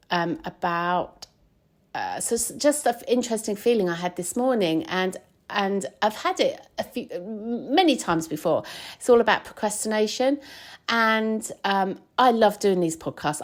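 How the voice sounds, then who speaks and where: A woman's voice: mid-range voice, animated, moderate pace. A woman hosting her podcast, chatting casually and rambling with many fillers and restarts while travelling. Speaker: podcast host. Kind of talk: casual chat. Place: recorded on the road while travelling.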